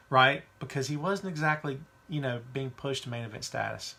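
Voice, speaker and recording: Expressive and sharp-toned, his mid-range voice moves at a normal speed. As the host of a wrestling podcast, he talks in a relaxed, chatty way, voices firm opinions, and answers viewer questions pulled from live chat.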